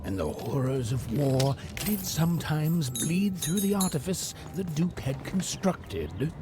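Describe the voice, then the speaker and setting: A man narrating a video game story in a measured, wry storybook manner. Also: a little high, very animated. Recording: game audio with music behind.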